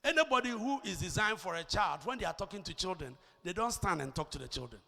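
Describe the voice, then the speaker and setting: A pastor with a Ghanaian English accent preaches in a high, bright voice that swoops up and down with lively energy. He drives key lines home with shouts and often repeats a word as he begins a thought. His voice rings out with the long reverb of a large church hall. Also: quick pace, creaky. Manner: emphatic, rising to shouts on key points; repeats words when starting a thought. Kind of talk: sermon.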